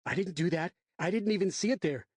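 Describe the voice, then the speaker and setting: A man's voice: high-pitched, quick pace, slightly rough, dry recording, pitched above the performer's own voice. A man voicing a defensive young male dorm roommate who keeps protesting his innocence. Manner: protesting, shouting back.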